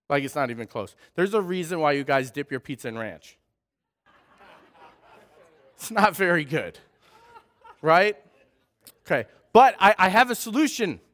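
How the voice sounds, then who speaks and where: A man in his thirties with a light Wisconsin accent tells stories to a church congregation in a chatty, joking way. His voice is smooth and clear and sits a little high for a man. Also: fairly bright tone. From southern Wisconsin. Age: 30s. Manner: friendly, humorous, chatty storytelling. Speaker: guest speaker at a church. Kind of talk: church talk with personal stories. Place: church sanctuary.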